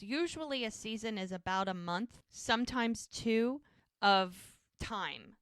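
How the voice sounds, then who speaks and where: Bright, clear-voiced woman podcast host. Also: medium pitch, no room sound, studio quality. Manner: animated retelling, quoting characters with little voices. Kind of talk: casual recap of a TV episode.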